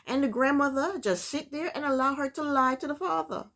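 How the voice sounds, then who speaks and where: A woman's voice: high-pitched, fairly quick, a bit bright. A woman recapping a reality TV episode in casual, opinionated commentary, talking straight to her viewers. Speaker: TV recap vlogger.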